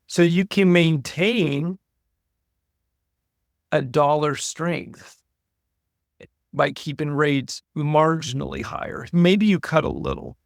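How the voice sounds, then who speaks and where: A man's voice: fairly high pitch, creaky, no room sound, studio quality. A man hosting a podcast interview, mostly offering brief agreement and asking short questions. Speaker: podcast host.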